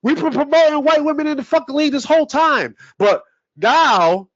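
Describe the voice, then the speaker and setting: A man's voice: very high voice, fairly quick, no room sound, lo-fi sound. A man co-hosting a sports podcast, ranting heatedly with heavy swearing in casual talk. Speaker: podcast co-host.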